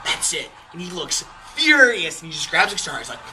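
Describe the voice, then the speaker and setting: A man's voice: high-pitched, quick pace, faint music behind, poor audio. Rambling young man telling a story. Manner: rambling, animated retelling with many fillers and acted-out quotes. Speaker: podcast storyteller. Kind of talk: casual spoken anecdote.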